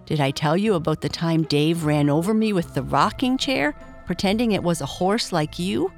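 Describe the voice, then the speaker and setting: A woman's voice: on the low side, expressive, normal speed, soft background music. Woman doing a sweet, chatty little doll. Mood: eager. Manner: eager, chatty, cheerful. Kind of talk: storybook reading.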